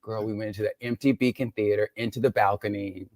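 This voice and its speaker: A woman's voice: very deep voice, fairly even intonation, fast talker, darkish tone, dry recording. A woman in her fifties, a guest speaking over a video call, telling candid stories between laughs in a casual chat. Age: 50s.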